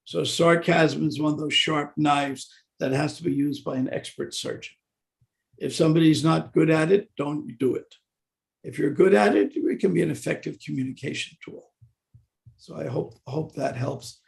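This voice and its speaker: Gravelly older man teaching a class. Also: fairly high pitch. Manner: genial, halting, with many fillers and restarts. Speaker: class speaker. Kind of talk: devotional scripture class.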